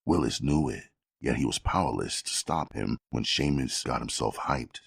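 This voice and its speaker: A man narrating a crime novel audiobook in a steady, measured storytelling manner with a gravelly voice. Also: very deep voice, dry recording, clean studio sound.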